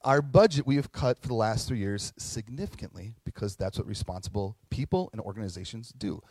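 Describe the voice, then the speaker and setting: Earnest middle-aged pastor, dry close sound. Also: male voice, on the low side, lively intonation, a little fast, a little mellow, husky, no room sound. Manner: conversational, earnest storytelling with acted quotes. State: tearing up at moments. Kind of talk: sermon.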